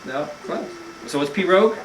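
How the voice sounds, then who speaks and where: A woman's voice: fairly low pitch, normal speed, a crowd in the background, poor audio. A young woman teacher reading a picture book aloud to a class of small children, stopping to quiz them on words. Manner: lively storyteller quizzing children on vocabulary. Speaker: teacher reading to first graders.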